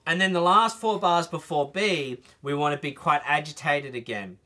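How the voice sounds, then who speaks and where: Male music teacher, bright and slightly high voice, explanatory masterclass delivery. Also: normal speed. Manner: explains phrasing, sings short phrases to demonstrate. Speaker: trumpet teacher.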